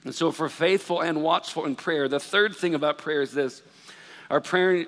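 A man with a high, bright, ringing voice preaches a sermon in a conversational, animated way, with self-deprecating humor. His voice carries a long reverb, as in a large hall. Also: moderate pace. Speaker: pastor.

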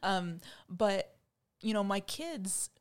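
A woman's voice: medium pitch, lively intonation, slow, clear, resonant tone. A woman who teaches English, talking casually on a podcast with plenty of fillers and easy laughter. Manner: chatty, lots of fillers, laughs easily.

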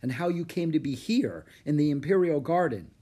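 Man doing a gentle old poet master. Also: fairly high pitch, lively intonation, slightly rough, pitched above the performer's own voice. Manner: gentle, formal and measured. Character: kindly old male poet master, calm.

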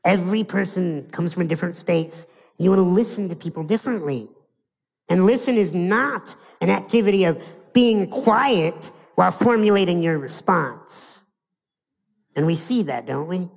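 A motivational speaker from the United States giving an animated live keynote, asking his audience rhetorical questions and acting out little scenes. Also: high voice, normal speed, gravelly, long reverb tail, rough recording.

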